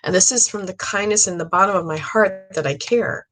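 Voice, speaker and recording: A woman's voice: medium pitch, fairly quick, fairly bright tone. A woman speaking as a psychic medium in a casual monologue, earnest and rambling, with many fillers and restarts, sounding tired. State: tired, low stamina.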